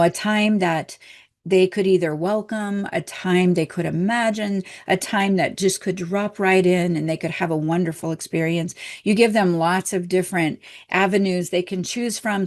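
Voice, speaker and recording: Storytelling woman with a lowish voice. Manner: warm anecdotal storytelling with soft laughs. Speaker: spiritual teacher and hypnotherapist. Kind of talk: storytelling lesson.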